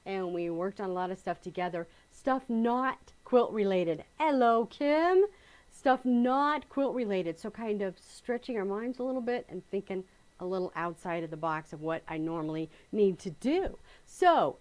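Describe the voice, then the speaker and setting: A middle-aged woman talks casually to her live viewers in a fairly high voice. She rambles, corrects herself mid-sentence and breaks into small laughs. When she greets people by name, her voice lifts with excitement. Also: poor audio. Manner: chatty, rambling, self-correcting with little laughs. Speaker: quilting channel host. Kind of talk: casual live-stream chat.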